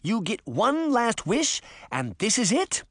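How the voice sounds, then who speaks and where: A man voicing a sharp-tongued little girl fairy in an audiobook, snappy and scornful. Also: sits high, animated, unhurried, no room sound, clean studio sound, pitched above the performer's own voice. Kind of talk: audiobook character voice.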